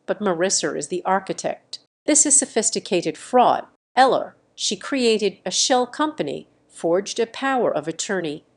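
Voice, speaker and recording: A woman narrator voicing a calm male lawyer who explains a fraud case in a measured way. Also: medium pitch. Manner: measured, businesslike.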